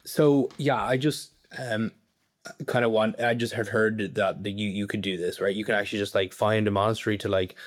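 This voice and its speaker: A man's voice: lowish voice, steady tone. A young Irish man in a casual podcast interview, rambling with lots of "like" and "you know". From Ireland. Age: young adult. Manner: rapid, rambling, heavy use of "like" and "you know".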